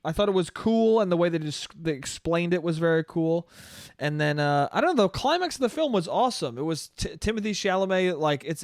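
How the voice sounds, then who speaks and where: Rambling, profane man, smooth voice. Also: on the high side, no echo, studio quality. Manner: rambling, profane, laughs often. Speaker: podcast host. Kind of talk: solo comedic monologue.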